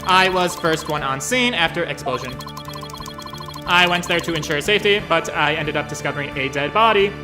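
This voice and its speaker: A streamer voicing a stiff robotic male bomb expert in a video game, speaking in clipped, flat, telegraphic phrases over game music. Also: mid-range voice, moderate pace, lightly acted.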